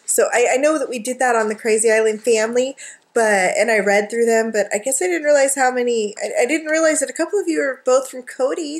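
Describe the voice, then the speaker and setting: A gushing, excitable woman with a somewhat high voice chats at home about craft goodies. She talks casually from her couch and wanders into lots of little asides. Her tone is friendly and unscripted. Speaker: craft vlogger and art journaling teacher. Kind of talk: casual chatty haul vlog.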